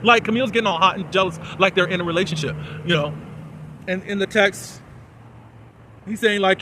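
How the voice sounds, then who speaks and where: A man giving a chatty, animated recap and commentary on a TV episode, full of fillers, recorded outdoors in a city. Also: high-pitched, a little fast, pauses often, noisy background. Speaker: TV episode reviewer.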